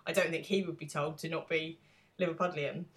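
A chatty English woman co-hosts a podcast with a low-pitched voice. She talks in a relaxed, casual way and often turns to ask her co-host questions. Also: a little fast. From England.

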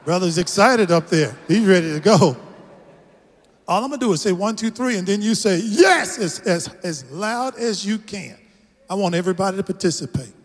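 Texan preacher in a ringing church hall. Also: male voice, sits high, animated, normal speed. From Texas. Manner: rousing, call-and-response with the congregation. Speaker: guest pastor. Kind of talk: sermon. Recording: long church hall reverb.

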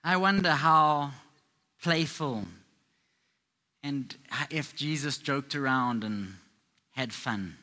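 A man's voice: mid-range voice, slow pace, pauses often, bright, forceful tone. A man preaching a sermon to a live congregation, telling Bible stories in a playful, conversational way. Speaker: pastor.

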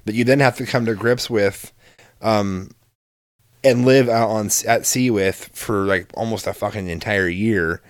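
Low-voiced man telling stories casually. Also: measured pace, no room sound. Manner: relaxed storyteller, swears casually, frequent restarts. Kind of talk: casual chat.

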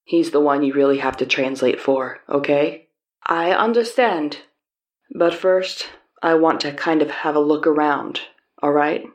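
A woman's voice: low voice, a little slow, far from the mic, pitched below the performer's own voice. A woman reading as a big, blunt tough guy. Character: large, powerfully built man, blunt and friendly.

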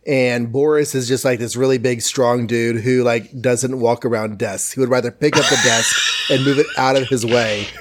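A man co-hosting a podcast, chatting casually and retelling a comic story with laughs and quick asides. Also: mid-range voice, steady tone, heavy background noise. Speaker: podcast co-host.

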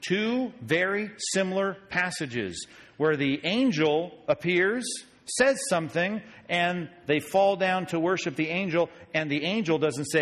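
A pastor with a fairly high voice walks through scripture in his sermon. He talks to the room like a conversation, stops often to ask questions, and swings between quiet reading and sudden bursts of energy. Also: a little slow. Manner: conversational, animated, asks the audience questions. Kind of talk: sermon, Bible teaching.

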